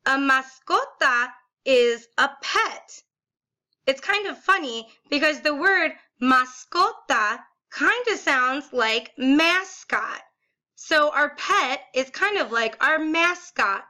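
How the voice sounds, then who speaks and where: A high, bright-toned woman leads a video lesson at an unhurried pace. She models each word slowly with a sing-song lift and cheers the class on with frequent praise. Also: expressive. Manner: slow, exaggerated, sing-song modeling of words; encouraging, praises often. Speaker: Spanish teacher. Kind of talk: video lesson, call-and-repeat drills.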